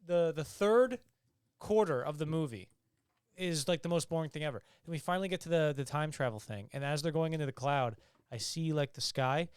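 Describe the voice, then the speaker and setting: Smooth-voiced young man, animated podcast chat. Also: a little high, fairly quick, no room sound, studio quality. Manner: animated, swearing, acts out scenes. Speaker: podcast co-host. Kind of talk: casual chat.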